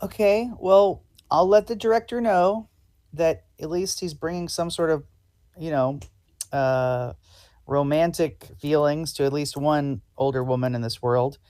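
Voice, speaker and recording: A man's voice: a little high, fairly even intonation, a little slow, darkish tone. A man hosting a live improv show and playing a polite, hesitant casting director. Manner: polite, hesitant with many ums.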